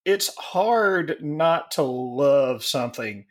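A man in his forties chats on a podcast with crude, joking humor, often stalling and restarting. He speaks slowly and unhurriedly. His voice sits somewhat high for a man. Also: expressive. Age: 40s. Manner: slow, joking, profane, with halting restarts. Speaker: podcast co-host. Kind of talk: casual chat.

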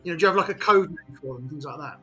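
A man chatting as a podcast guest, curious and asking quick questions. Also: on the high side, pushed and bright, soft background music. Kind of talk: casual podcast chat.

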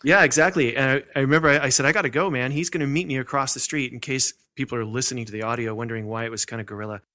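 A man co-hosting a podcast, chatting casually with eager, quick banter. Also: medium pitch, fairly even intonation, pushed and bright, no echo, studio quality. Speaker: podcast co-host. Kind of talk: casual chat.

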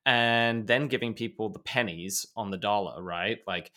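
A man co-hosting a podcast and giving casual news commentary, animated and exasperated, leaning on emphatic points. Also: lowish voice, normal speed. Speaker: podcast co-host.

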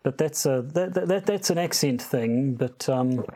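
A man's voice: medium pitch, moderate pace, a loud crowd. A man with a New Zealand accent, co-hosting a podcast in casual, playful banter with hesitant restarts. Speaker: podcast co-host. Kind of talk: casual comedic chat.

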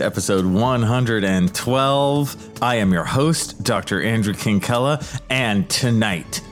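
A man hosting a solo podcast, talking in a playful, self-mocking way, now and then jumping into high mock voices. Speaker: podcast host. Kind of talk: solo comedic podcast monologue.

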